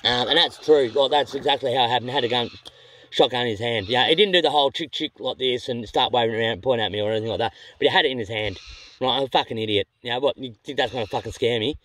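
A man's voice: mid-range voice, quick pace, fairly bright tone, no echo. An Australian man casually telling a travel story to camera. He rambles and corrects himself as he goes, and he is blunt and sweary. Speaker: vlogger.

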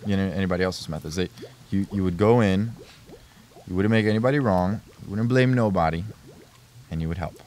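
A man's voice: low-pitched, brisk, darkish tone. A young man speaking earnestly as a guest on a family podcast, rambling and often restarting his sentences. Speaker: podcast guest, host's son. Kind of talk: casual family podcast chat.

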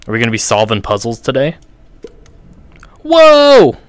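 Excitable young man yelling over gameplay. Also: mid-range voice, moderate pace, dry recording. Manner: excitable, playful, yelling and laughing at the game. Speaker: gaming YouTuber. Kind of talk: VR gameplay commentary.

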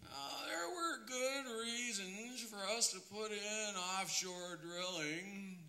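A man's voice: sits high, sharp tone, pitched above the performer's own voice, exaggerated voice, poor audio. A man doing a bumbling politician's folksy voice. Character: man impersonating a bumbling politician excusing a disaster. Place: concert stage, live radio broadcast.

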